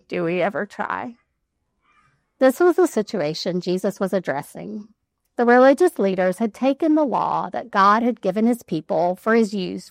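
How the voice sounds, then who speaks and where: A woman delivers a devotional Bible teaching in a conversational way, with lively asides between scripture readings. Her voice has a gravelly edge, and the sound is close and dry, with no room around it. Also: mid-range voice, dry recording.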